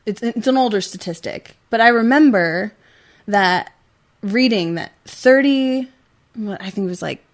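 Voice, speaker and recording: A woman's voice: medium pitch, vocal fry. A young woman co-hosting a talk show, speaking earnestly in casual chat, full of "like" fillers and getting emotional. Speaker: co-host.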